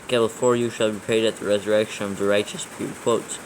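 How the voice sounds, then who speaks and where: A man's voice: fairly low pitch, little pitch movement, fast talker, noisy background. A man reading scripture aloud for proofreading, steadily naming every comma, capital and quote mark as he goes. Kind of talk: dictating text with punctuation read aloud.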